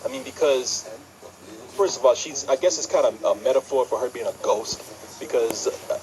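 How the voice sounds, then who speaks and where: A man co-hosting a casual film review chat, emphatic and quick to laugh, stammering when he gets going. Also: medium pitch, noisy background. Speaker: podcast co-host, film reviewer.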